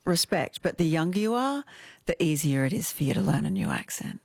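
A middle-aged woman dialect coach in an interview, talking emphatically in quick bursts and laughing often. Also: sits low, sing-song, a little mellow, dry recording, clean studio sound. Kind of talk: animated interview chat.

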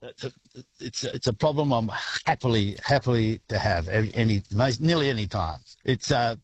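A man with an Australian accent, a grain farmer answering a radio interview in a relaxed, halting way with many restarts. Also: mid-range voice, no room sound, low-quality recording.

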